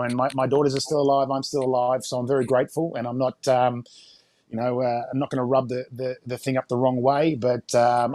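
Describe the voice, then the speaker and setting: A man talking in a candid interview, earnest and emotional, halting with fillers as he opens up. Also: medium pitch, darkish tone, no echo. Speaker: life and fitness coach, guest.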